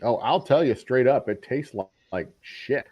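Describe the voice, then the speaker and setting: A man's voice: mid-range voice, expressive, moderate pace, a little mellow, husky, no echo. A middle-aged man hosting a whiskey talk show, chatting casually in a blunt, profane way. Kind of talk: casual chat.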